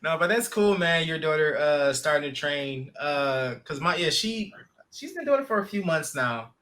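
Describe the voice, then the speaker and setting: A man hosting a podcast, telling stories in an animated, casual way with plenty of fillers. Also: on the high side, normal speed. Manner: animated storyteller, lots of fillers. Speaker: podcast host, jiu-jitsu instructor. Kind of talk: casual conversation.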